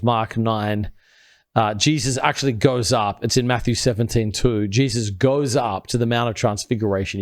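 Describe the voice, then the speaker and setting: A man talks through a scripture passage as if teaching friends at a table. He is earnest and builds his point step by step. His voice sinks low and soft whenever he quotes a verse. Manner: drops quiet and low when quoting scripture. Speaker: podcast co-host. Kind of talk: conversational Bible teaching.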